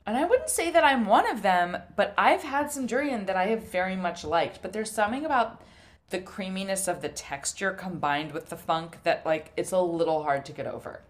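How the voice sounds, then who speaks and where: A young woman co-hosts a food podcast, speaking at medium pitch and a moderate pace. In casual chat she tells animated stories, swearing and laughing often.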